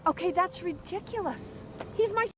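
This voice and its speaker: A woman's voice: very high-pitched, normal speed, a crowd in the background. An actress playing a grieving mother in the afterlife who speaks with emotional, pleading defiance in a film drama.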